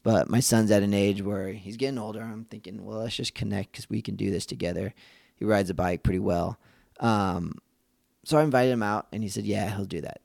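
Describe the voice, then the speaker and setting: A man's voice: lowish voice, steady tone, a little fast, vocal fry, a little mellow, dry recording, clean studio sound. A man hosting a podcast for dads, talking in an earnest, reflective way, often restarting his sentences and acting out the voices of people he quotes. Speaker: podcast host. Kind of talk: casual reflective monologue.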